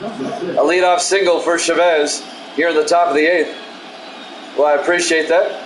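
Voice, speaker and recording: A man with a slightly high voice calls the game pitch by pitch in an even, soothing manner, with no regional accent to place him. His voice bounces around an echoey room, and steady background noise runs under every call. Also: moderate pace. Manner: calm, self-described soothing delivery with asides. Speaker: play-by-play announcer. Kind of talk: solo play-by-play of a simulated baseball game, chatting with stream viewers.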